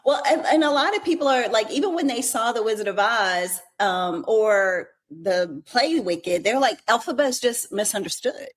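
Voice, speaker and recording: A woman's voice: mid-range voice, expressive, moderate pace, few pauses. A woman co-hosting a casual entertainment podcast, agreeable and reflective in conversation. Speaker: podcast co-host. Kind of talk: casual chat.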